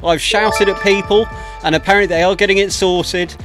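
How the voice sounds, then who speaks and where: A man's voice: high-pitched, fairly even intonation, fairly quick, music in the background. Chatty man hosting a livestream. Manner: chatty, self-deprecating, frequent laughs and thank-yous. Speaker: livestream host. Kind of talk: casual chat to stream viewers. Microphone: desk microphone.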